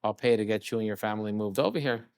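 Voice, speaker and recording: A man's voice: fairly low pitch, rapid-fire, clear, resonant tone, no room sound, clean studio sound. A middle-aged man from California, a chef and guest on an interview show, telling stories casually and acting out dialogue. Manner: animated storyteller, often acts out quoted dialogue. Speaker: chef and restaurant owner, guest.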